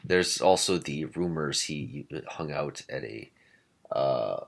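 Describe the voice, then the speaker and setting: A man with a very low voice co-hosts a podcast. He rambles in a casual way and slips sarcastic jokes into his asides. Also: animated, slow, creaky. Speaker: podcast co-host.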